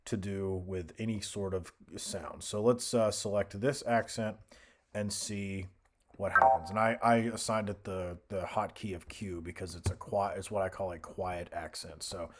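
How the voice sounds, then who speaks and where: A young man casually talking through a music software tutorial, thinking aloud with fillers and restarts. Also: deep voice, steady tone, measured pace. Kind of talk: screen-recorded software tutorial.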